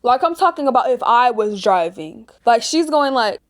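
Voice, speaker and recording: A woman's voice: on the high side, sing-song, moderate pace. A 16-year-old girl vlogger chatting casually and ranting, with lots of "like". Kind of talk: casual chat.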